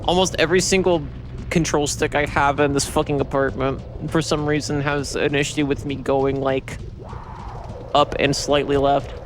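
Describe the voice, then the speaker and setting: A man's voice: fairly high pitch, level tone, normal speed, over music. Tired, swearing game streamer man. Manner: swears freely, rambles with frequent restarts. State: tired from poor sleep. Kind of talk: casual game-stream chat.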